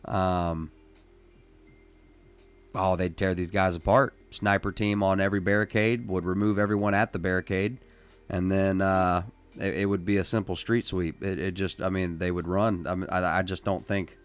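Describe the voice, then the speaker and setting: A man hosting a casual live-stream podcast, who talks in an emphatic, rambling way with many restarts and works himself up into loud, excited rants. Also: low-pitched, moderate pace, smooth. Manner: rises into loud, excited ranting. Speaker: podcast host.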